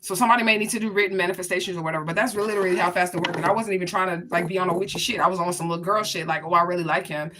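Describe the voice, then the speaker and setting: Fast-talking blunt woman spiritual reader. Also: fairly low pitch, fairly even intonation, crowd noise. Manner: blunt, profane, chatty, addresses viewers directly. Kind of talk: casual spiritual reading to viewers.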